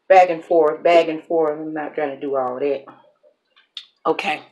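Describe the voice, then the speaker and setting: In a deep, slow voice with a darkish tone, this woman grills a burger in her home kitchen and chats casually to the camera. She talks herself through each step and laughs at her slips. The recording's highs are cut off.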